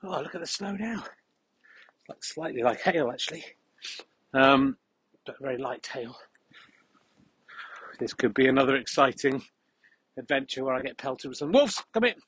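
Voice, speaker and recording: A man hosting a podcast while walking outdoors in a field, rambling in a mock-serious, deadpan way. He is a little out of breath and slightly unwell. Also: mid-range voice, normal speed, pauses often, breathy edge. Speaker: podcast host. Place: outdoors in a field on a cold windy day.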